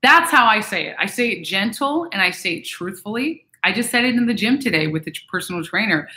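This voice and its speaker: A woman vlogger giving casual advice to viewers in a chatty, animated way, acting out what other people say. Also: mid-range voice, fairly quick. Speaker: vlogger reading and answering viewer messages. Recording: echoey room.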